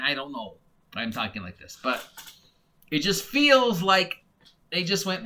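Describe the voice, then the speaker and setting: Guy rambling about game books, kinda high bright voice, lots of fillers and restarts. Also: big pitch swings, unhurried, pauses often. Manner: mock voices when imitating others. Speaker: game reviewer. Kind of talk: casual monologue.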